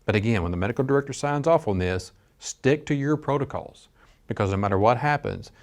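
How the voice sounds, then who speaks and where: A man's voice: mid-range voice, animated, brisk. A middle-aged man giving a training lecture as a dispatch instructor, earnest and conversational with frequent restarts. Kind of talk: training lecture with personal story.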